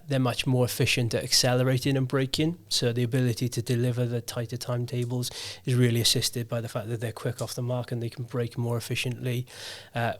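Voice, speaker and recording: Male guest, mid pitch, level delivery, chatty explainer with false starts. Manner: explains with restarts, casual fillers. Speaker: head of performance. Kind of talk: podcast interview answers.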